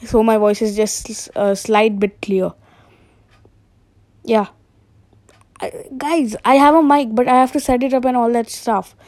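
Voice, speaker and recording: A woman's voice: fairly high pitch, mellow, no echo. A young woman from India talking alone at home at night into a phone voice memo, chatty and self-deprecating, jumping between topics. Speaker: solo podcaster. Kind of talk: rambling casual monologue.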